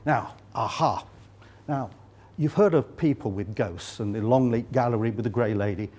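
A man's voice: medium pitch, moderate pace, a little mellow. An older Englishman with an English accent giving a chatty, joking lecture at a conference, with many fillers. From England. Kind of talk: live conference lecture with slides. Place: conference hall.

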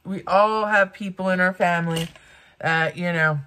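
A woman's voice: fairly low pitch, fairly even intonation, normal speed, bright, forceful tone, slight background noise. A woman in her fifties doing get-ready-with-me commentary, blunt and ranting, swearing freely. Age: 50s. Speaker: beauty vlogger.

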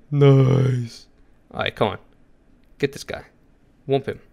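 A man chatting over a co-op game session, excitable, laughing often and cheering loudly. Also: mid-range voice, takes it slowly, vocal fry, breathy edge. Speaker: co-op gaming partner. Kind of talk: live gameplay chat.

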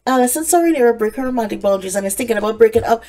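A woman's voice: fairly high pitch, animated, very fast, mellow. A woman giving casual let's-play commentary, chatting away and talking to the game characters. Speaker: gaming creator.

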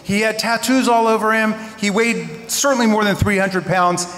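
Man, 50s, eulogist with earnest, wryly humorous storytelling, high voice, podium mic in a big reverberant hall. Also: steady tone, moderate pace, fairly bright tone. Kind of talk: memorial tribute speech. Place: large synagogue hall. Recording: echoey hall with long reverb.

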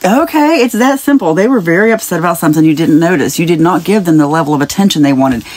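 A woman's voice: fairly low pitch, animated, fast, a little mellow. A woman giving a casual spiritual reading straight to the viewer. She chats and rambles, wanders into side stories and laughs lightly between thoughts. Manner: speaks directly to the viewer, wandering off into tangents. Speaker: spiritual message reader.

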